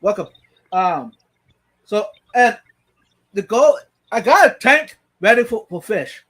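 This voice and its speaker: A man hosts a casual live stream over a video call, his voice sitting notably high. He talks in halting starts, often repeating words, and reads viewer comments aloud. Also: expressive, fairly bright tone.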